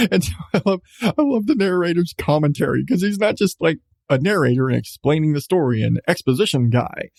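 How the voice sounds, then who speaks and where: A man's voice: on the high side, lively intonation, normal speed, creaky, darkish tone, no echo, clean studio sound. A male podcast host in casual chat, enthusiastic about what he reviews, laughing often and restarting his sentences.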